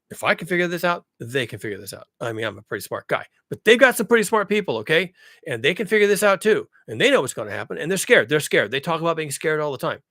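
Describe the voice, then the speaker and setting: A man rants straight at the listener in a blunt, profane way, repeating his points for emphasis. His voice sits on the higher side for a man. The sound is dry and close, with no room echo. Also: sing-song, fast, a bit bright. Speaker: vlogger. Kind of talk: ranting monologue to camera.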